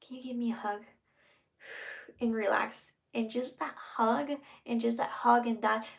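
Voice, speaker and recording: A woman giving casual relationship advice, earnest, sometimes acting out soft whispered example lines. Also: fairly high pitch, flat delivery, moderate pace, creaky. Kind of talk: casual advice talk to camera.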